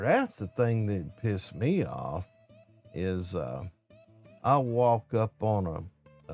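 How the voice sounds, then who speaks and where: A man with a drawl talks slowly and casually, as though chatting with viewers on a morning live stream. He rambles through stories and plays out both sides of the conversations himself. His pitch moves a good deal, and a faint guitar plays underneath. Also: a little mellow, no echo. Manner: folksy, rambling storytelling with quoted dialogue. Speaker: live stream host, safety supervisor. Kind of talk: casual monologue.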